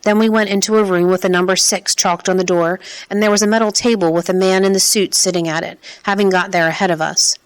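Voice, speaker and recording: A woman reading a first-person story aloud in a measured, steady way. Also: medium pitch, clear, resonant tone. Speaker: audiobook narrator. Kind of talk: first-person scripted narration.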